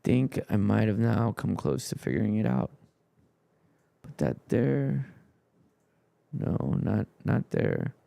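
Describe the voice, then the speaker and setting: Slow, gravelly male streamer. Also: fairly low pitch, sing-song, mellow, no echo. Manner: mutters to himself while fiddling with stream settings. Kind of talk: casual livestream chatter.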